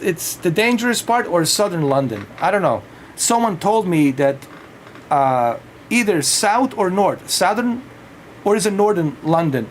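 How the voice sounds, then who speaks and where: A man's voice: a little high, slight background noise. Rambling, cursing man on a livestream. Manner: rambling and profane, with frequent restarts and laughs. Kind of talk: casual rambling chat.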